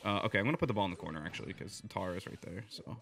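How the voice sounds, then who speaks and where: Young man, bright voice, live gameplay commentary, chatty play-by-play, excitable, shouts at teammates. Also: low voice, gravelly, a little hiss or hum. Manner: excitable, bursts into loud yelling at teammates; quick chatty play-by-play, swings between mumbling and shouting. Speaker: gaming video creator.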